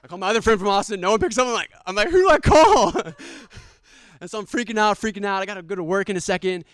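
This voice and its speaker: A young man telling a personal story live, animated, laughing often and acting out quoted lines loudly. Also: high-pitched, very fast, clear, resonant tone, no echo.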